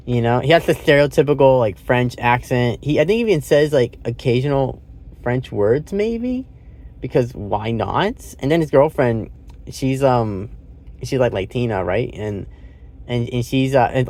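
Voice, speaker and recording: A man's voice: mid-range voice, normal speed, darkish tone. A man talking through a movie review in a casual, rambling way, swearing now and then and laughing often.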